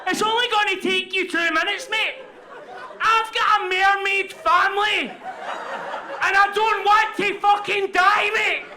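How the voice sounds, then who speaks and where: A Glaswegian man voicing a stranded baby mermaid who yells and begs frantically for help, live on stage. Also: fairly even intonation, slow pace, heavily acted. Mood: frantic pleading. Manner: shrill desperate pleading, yelling. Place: comedy venue. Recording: live room with loud crowd and noise.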